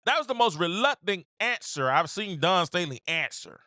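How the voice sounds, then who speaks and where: A man's voice: high voice, very animated, normal speed, pushed and bright, no room sound, studio quality. A man hosting his own show, giving opinionated casual commentary, repeating phrases for emphasis and acting out quotes. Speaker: podcast host.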